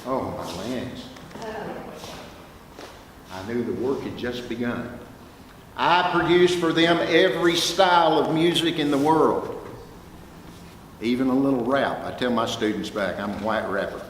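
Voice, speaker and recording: An older man with a Texas accent telling folksy, animated career stories to students in a lecture hall. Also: mid-range voice, moderate pace. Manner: folksy, animated anecdotes with quoted dialogue. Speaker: guest speaker, music producer. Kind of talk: storytelling talk to students. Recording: echoey hall, faint room noise.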